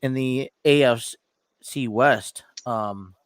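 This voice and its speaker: A man's voice: mid-range voice, slow, clean tone, dry recording, clean studio sound. A man co-hosting a sports podcast in casual chat, rambling with many restarts and easy laughter.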